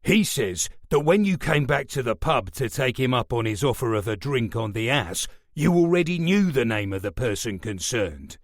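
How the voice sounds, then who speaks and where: A man voicing a stern, menacing police superintendent who talks in a measured, remorseless way. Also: medium pitch, big pitch swings, dry recording, clean studio sound. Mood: cold.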